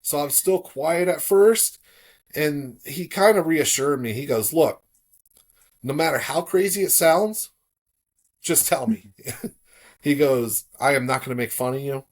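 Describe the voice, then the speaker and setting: Middle-aged man from South Florida, podcast guest, relaxed storyteller who gets animated when quoting others. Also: fairly high pitch, measured pace, long pauses. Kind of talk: casual storytelling.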